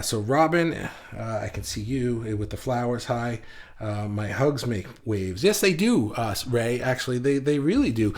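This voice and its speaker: A man hosting a live online group session, with a voice of ordinary middle pitch. He talks in a loose, rambling way, full of fillers and restarts, as he reads viewer comments aloud. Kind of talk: casual livestream talk, reading comments aloud.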